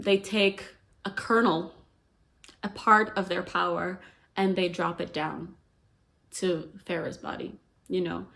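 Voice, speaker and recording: A woman retelling a novel's plot in a casual, chatty way, with lots of "like" and "you know". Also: lowish voice. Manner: chatty and animated, heavy use of "like" and "you know". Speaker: book explainer.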